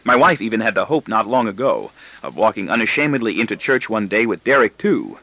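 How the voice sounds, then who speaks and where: A male audiobook narrator with a wry, ironic first-person delivery. His pitch swings widely, his tone is bright, and the recording is dry and close. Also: big pitch swings, fairly quick, dry recording, low-quality recording.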